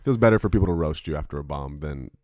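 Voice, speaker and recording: A man co-hosting a casual podcast, joking and slipping into mocking loud rants. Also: very deep voice, animated, quick pace, dry recording, studio quality. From United States. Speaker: podcast co-host.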